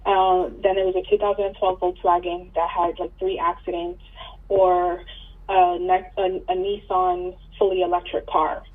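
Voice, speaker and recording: This New York caller seeking advice has a husky, lowish voice with a level tone and a moderate pace. She relates her story in a relaxed phone conversation, using fillers and restarting sentences, and the line sounds tinny and far away.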